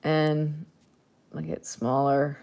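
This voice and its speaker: Woman artist, low voice, unhurried, chatty running commentary while painting. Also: flat delivery, creaky, darkish tone. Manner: chatty, thinking aloud, playful. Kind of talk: casual narration while painting.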